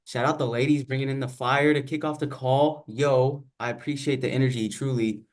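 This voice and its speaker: A man's voice: medium pitch, steady tone, a little fast. Laid-back slangy man on a call. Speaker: book club member. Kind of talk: casual call chat. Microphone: video call.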